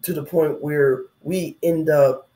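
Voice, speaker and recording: A man's voice: a little high, steady tone, slow, warm tone. A man in his thirties talking casually and reflectively about spiritual growth, rambling in a conversational way. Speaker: spiritual vlogger. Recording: echoey room.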